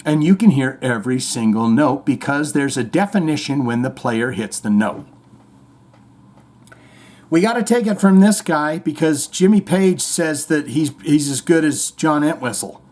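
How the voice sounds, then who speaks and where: A man's voice: fairly high pitch, lively intonation, moderate pace, darkish tone. A man hosting a podcast, giving comedic commentary with sarcastic, mocking asides. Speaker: podcast host. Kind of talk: comedic commentary on played clips.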